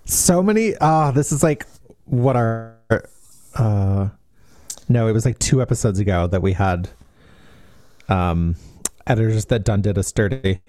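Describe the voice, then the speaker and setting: A man's voice: lowish voice, unhurried, pauses often. A man co-hosting a book podcast, chatting casually and with lots of energy, full of fillers and restarts. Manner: animated, many fillers and restarts. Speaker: podcast co-host.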